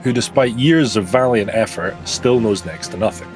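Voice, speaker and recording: A man's voice: lowish voice, moderate pace, music in the background. A man hosting a podcast in casual comedic chat, jokey, laughing often and swearing casually. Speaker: podcast host.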